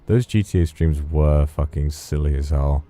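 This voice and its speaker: A man's voice: extremely low pitch, normal speed, mellow, a little hiss or hum. A man casually commentating as he streams a game, rambling and swearing playfully.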